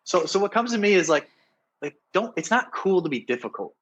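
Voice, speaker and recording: Earnest man with a slightly high voice. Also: sing-song, a little fast, a bit bright, poor audio. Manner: earnest, keeps asking "right?", many restarts. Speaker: dating coach, guest. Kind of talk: casual interview talk.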